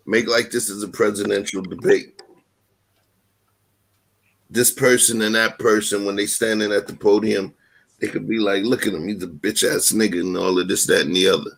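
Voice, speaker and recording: A man hosting a live online discussion, calmly urging a guest to argue with substance over insults, repeating his points earnestly. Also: fairly low pitch, creaky. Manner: earnest, coaxing, repeats himself. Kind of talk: livestream debate moderation.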